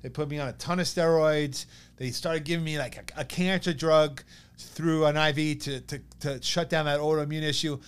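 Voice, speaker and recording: A man in his thirties with a New York accent, telling a personal story as a podcast guest in an animated way, acting out what others said. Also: on the high side, smooth. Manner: animated, quotes others in lively bursts.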